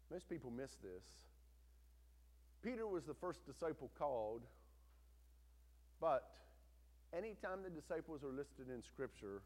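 A man preaching a sermon, swinging between loud, intense retelling and hushed, quiet emphasis. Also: medium pitch. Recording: long hall reverb.

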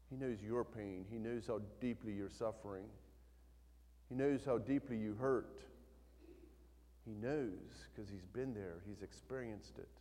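A man preaching a sermon in a church, reading scripture aloud and swinging between soft, low passages and loud, emphatic ones. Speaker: pastor. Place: church sanctuary. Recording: long hall reverb.

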